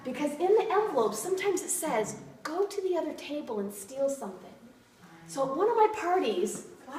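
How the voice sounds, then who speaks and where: A woman's voice: sits high, bright, forceful tone. A woman giving a bubbly, laughing sales demo to a group, asking her audience questions. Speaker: kitchenware party consultant. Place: meeting room with an audience. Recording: echoey room from far off, noisy.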